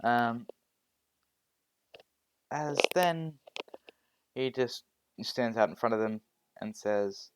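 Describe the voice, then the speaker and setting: A man narrating an improvised fan story, halting and full of restarts. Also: medium pitch, a little hiss or hum. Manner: halting, many fillers and restarts.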